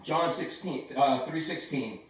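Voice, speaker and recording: A man preaching a sermon from his home in a casual, animated way with slangy asides. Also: mid-range voice, unhurried, heavy reverb, recorded from a distance, rough recording. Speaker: pastor.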